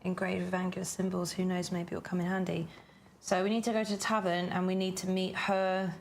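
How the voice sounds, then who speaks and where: A woman's voice: on the low side, level tone, brisk, vocal fry, a little mellow, a little hiss or hum. A woman playing a board game and chatting casually, swearing now and then. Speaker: co-player in a board game stream. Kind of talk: casual chat while playing.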